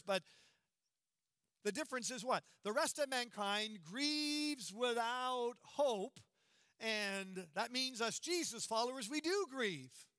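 A man delivering a sermon with a high, bright voice. He speaks earnestly and emphatically, slowing and sinking to a hush on the words that matter most. The sound is dry and close. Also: smooth, no echo. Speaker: preacher.

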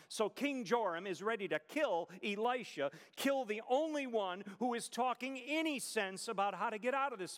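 Guy preaching a sermon, kinda high voice, lots of rhetorical questions, long echo like a big church hall. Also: a bit bright. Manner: emphatic storytelling with rhetorical questions.

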